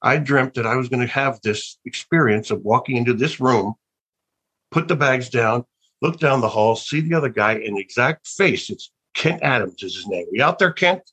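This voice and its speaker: A man's voice: mid-range voice, animated, moderate pace, a bit bright, breathy edge, rough recording. An older man, an actor being interviewed, telling wandering stories with many restarts and a musing, reflective tone. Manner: rambling, with many restarts and trailing thoughts; wondering, reflective. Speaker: actor and guest. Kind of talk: casual interview storytelling.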